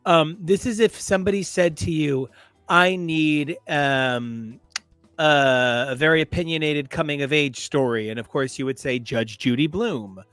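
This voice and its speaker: A man's voice: fairly high pitch, a little slow, fairly bright tone, smooth, no room sound, faint music behind. A man co-hosting a casual podcast, joking and making puns in a playful way. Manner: jokey, punning, playful. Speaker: podcast co-host. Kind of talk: casual comics discussion.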